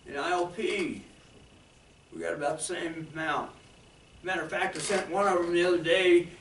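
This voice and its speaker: Guy preaching a sermon, folksy and excitable, echoey church hall, mic a bit far off. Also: on the high side, moderate pace, slight background noise. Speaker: guest speaker.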